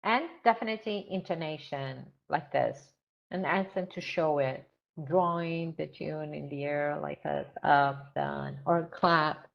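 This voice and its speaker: A woman teaching grammar in an online teacher training lesson, modelling example sentences slowly with clear stress. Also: low-pitched, lo-fi sound.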